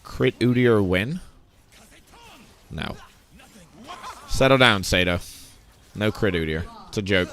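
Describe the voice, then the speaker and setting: A man's voice: fairly low pitch, slow pace, pauses often, fairly bright tone. A young American man from Tennessee, joking and chatting with his viewers as he comments on his gameplay. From Tennessee, southeastern United States. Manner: joking, chatty, talking to chat. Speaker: streamer playing a game.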